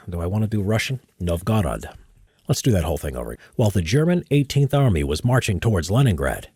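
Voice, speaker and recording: A man with a low, husky voice records history narration, switching between relaxed chatter and steady, animated read-throughs. His pitch moves a lot as he reads. The sound is dry and close to a studio mic. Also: no echo. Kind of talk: casual live-streamed recording session. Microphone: studio microphone.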